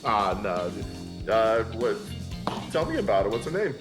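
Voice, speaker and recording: A man's voice: on the low side, very animated, a little slow, over music. A man playing a friendly young male student in a tabletop role-play, talking casually with many fillers. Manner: casual, filler-heavy, laughs between lines. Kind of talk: tabletop role-play over phone call.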